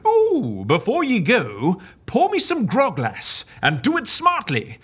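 An actor playing a boisterous office colleague who talks in theatrical pirate slang, with a bright, husky voice. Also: mid-range voice, huge pitch swings, slow pace, full character voice. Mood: hearty piratical.

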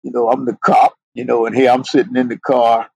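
A middle-aged man speaks in a husky, gravelly voice, earnest and heartfelt as he tells his story on a podcast. The sound is close and dry, with no room around it, and he fills his talk with "you know". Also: medium pitch, flat delivery, brisk, darkish tone, no room sound, poor audio. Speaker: podcast guest, police sergeant.

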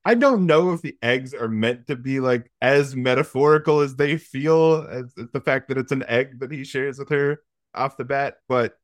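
A man walks through a film's plot in a loose podcast recap, cursing freely and tossing in wry asides. His voice sits at an ordinary middle pitch. The recording is dry and close, with no room sound. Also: normal speed, dry recording. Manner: profane, wry storytelling with asides. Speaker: podcast host recapping a film. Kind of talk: casual comedic film recap.

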